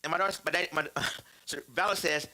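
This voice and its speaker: A man in his thirties preaching about fatherhood through personal stories, animated and laughing, repeating phrases for emphasis. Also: on the high side, fairly quick, rough recording. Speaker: church speaker on fatherhood.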